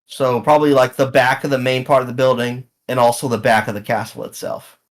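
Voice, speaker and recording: A man narrating and running a tabletop game as game master, in a relaxed, halting way. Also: mid-range voice.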